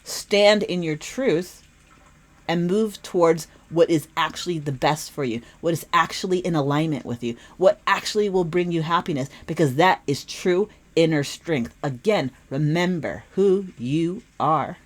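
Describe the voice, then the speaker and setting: Low-voiced woman giving a tarot reading. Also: normal speed, few pauses. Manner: earnest, emphatic, repeats phrases. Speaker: tarot reader. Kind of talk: spiritual tarot reading to camera.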